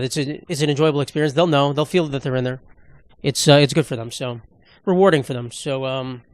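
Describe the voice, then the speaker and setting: A man's voice: a little high, no echo. A young man hosting a solo comedy podcast, rambling through sarcastic jokes and asides. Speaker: podcast host.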